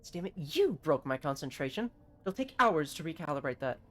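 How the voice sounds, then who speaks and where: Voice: medium pitch, sing-song, a little fast, a bit bright. A streamer reading aloud the lines of a brusque, short-tempered female chief engineer from a video game.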